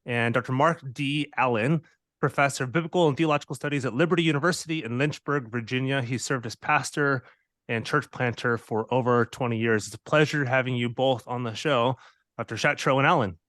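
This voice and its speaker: A man's voice: mid-range voice, a little fast, a bit bright, dry recording, studio quality. A man interviewing two guests on a podcast, chatty and playful, often repeating words as he goes. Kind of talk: casual interview.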